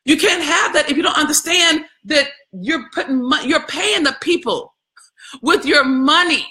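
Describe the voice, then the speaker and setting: A woman's voice: high-pitched, animated, unhurried, pushed and bright. A woman hosting a live video, preaching with fervor in colloquial speech and reading viewer comments aloud between points. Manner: colloquial, addresses viewers as y'all. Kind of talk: impassioned live-stream commentary.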